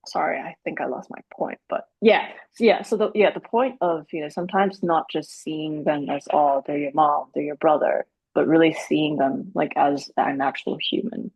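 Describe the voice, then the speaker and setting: A woman hosting a podcast as a therapist, telling stories in an animated, lively way. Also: low voice, normal speed, few pauses, husky, no room sound, lo-fi sound. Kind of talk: casual podcast conversation.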